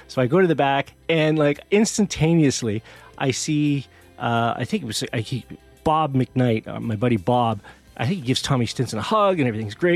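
A middle-aged man hosting a music show, telling a story in a rambling, self-deprecating way with many restarts. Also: medium pitch. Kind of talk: casual storytelling monologue.

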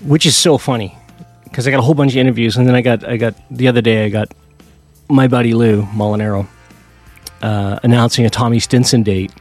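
A middle-aged man hosting a radio music show, rambling through a story with a self-deprecating streak. His pitch sits in an ordinary middle range, and a faint bed of music plays under his voice. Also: fairly even intonation, brisk, darkish tone. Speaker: radio host and DJ. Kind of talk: casual storytelling chat.

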